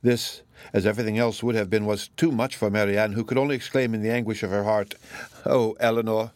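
A man reading a classic novel aloud as an audiobook narrator, in a measured, even manner. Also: on the low side, no echo.

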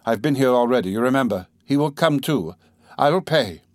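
A man's voice: medium pitch, expressive, no echo, clean studio sound, close to an everyday voice. A man doing an urgent anxious young man. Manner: urgent, speaking quickly.

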